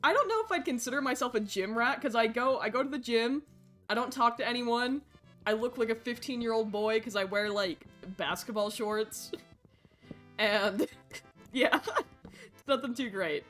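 A woman streaming a game and chatting with her viewers, excitable and squealing over cute animals, swearing casually, with faint game music behind her. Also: fairly high pitch, normal speed. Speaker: Twitch streamer. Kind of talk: casual gaming livestream chat.

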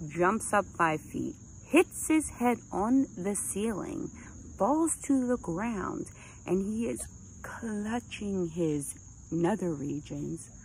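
A woman telling a crude, comic personal story in an animated, casual way into a phone. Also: on the low side, vocal fry, a little hiss or hum, rough recording.

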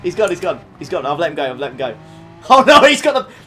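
A young man streaming a racing game, reacting excitably with frequent laughs and quick apologies while talking to his chat. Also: fairly high pitch, soft background music. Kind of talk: live racing game commentary. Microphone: desktop USB condenser mic.

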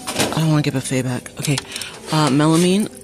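A woman's voice: sits low, a little fast. A woman chatting to her viewers while shopping in a large store, reading out prices, a bit sniffly from allergies. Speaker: shopping vlogger. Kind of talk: casual shop-with-me chat. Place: large retail store, indoors. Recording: store ambience noise.

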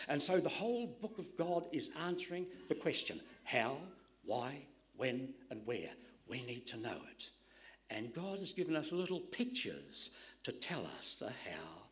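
A man preaching a sermon in an emphatic style, dropping to hushed whispers to stress a point. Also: mid-range voice, sing-song, a little slow.

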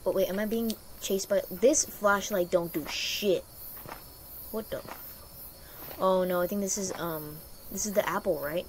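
A young woman gaming streamer plays a horror game, swearing freely, rambling, and gasping at the scares. Her mid-range voice is steady and moderately paced with hardly any pauses, over slight background noise.

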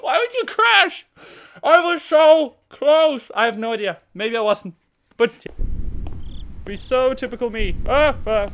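A man's voice: very high voice, animated, a little slow, fairly bright tone. A man commenting on horror games at home into a desk microphone, shrieking, swearing and joking at the scares. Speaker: gaming video creator. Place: home recording setup with a green screen. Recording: noisy home game recording.

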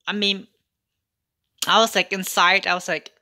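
A woman's voice: medium pitch, unhurried, long pauses, bright, forceful tone. A woman talking straight to camera in a rambling couponing storytime vlog, sassy and repetitive, often circling back over her own words. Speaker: couponing vlogger.

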